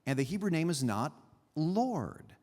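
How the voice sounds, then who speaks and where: A man preaching a sermon as a pastor, teaching in an animated way with pauses and emphasis. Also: a little high, big-room sound. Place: church sanctuary.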